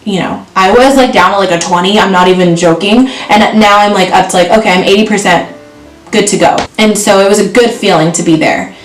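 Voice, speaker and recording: A woman's voice: medium pitch, brisk, hardly any pauses. A woman vlogger telling a personal story in a candid, earnest way. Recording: roomy echo from far off, faint music.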